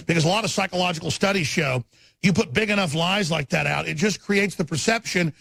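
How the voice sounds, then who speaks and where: A man's voice: high voice, brisk, gravelly, fairly bright tone, no room sound, clean studio sound. A middle-aged man hosting a combative talk radio show, ranting and mocking as he talks. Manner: ranting, mocking, shifts into sneering put-on voices. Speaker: radio host.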